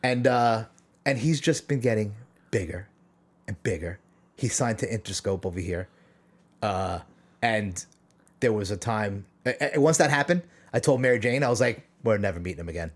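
A man's voice: on the low side, normal speed. A man, telling a rambling story in casual chat on a podcast, often restarting and chuckling. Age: 40s. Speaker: podcast co-host.

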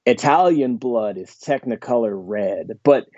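A man's voice: mid-range voice, lively intonation, unhurried, a little mellow, dry recording, lo-fi sound. A man in casual chat, rambling enthusiastically with lots of fillers. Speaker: podcast guest.

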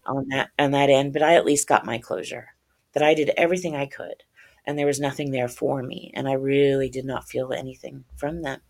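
The author's voice is extremely low, fairly even and a little mellow, moving fairly quickly. Interviewed as a podcast guest, she earnestly recounts a very personal story with open religious faith, tearing up now and then and acting out voices.

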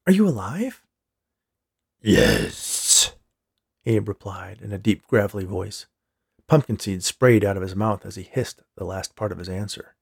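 A man reading a story aloud with a steady storytelling delivery. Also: lowish voice, normal speed, gravelly, breathy edge. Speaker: story reader. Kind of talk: audiobook narration.

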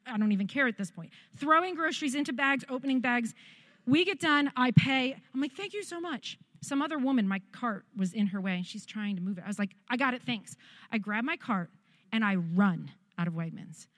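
A woman pastor telling a story in a sermon, animated and humorous. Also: on the high side, fairly quick, no room sound.

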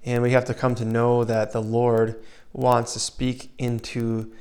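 A man preaching a sermon in an earnest way, dropping to a soft hush when he voices comforting words and rising again for emphasis. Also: mid-range voice, completely flat delivery, a little slow. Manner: earnest, shifts between loud emphasis and soft hushed asides.

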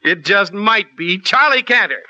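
Genial high, bright old-time radio host. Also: male voice, lively intonation, a little slow. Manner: genial, formal announcer delivery with easy laughs. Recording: muffled old radio broadcast.

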